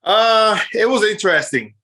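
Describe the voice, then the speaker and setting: A man in his forties from Puerto Rico with a Puerto Rican Spanish accent, a native Spanish speaker telling his story as a podcast guest in a lively, animated way with lots of fillers. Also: high-pitched, normal speed. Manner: animated, acts out past voices, many fillers. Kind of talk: casual storytelling interview.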